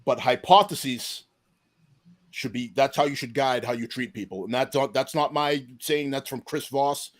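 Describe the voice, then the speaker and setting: A man in his forties, a deputy police chief appearing as a podcast guest, tells a long personal story in an interview and acts out the voices of the people in it. He speaks at a moderate pace in a mid-range voice.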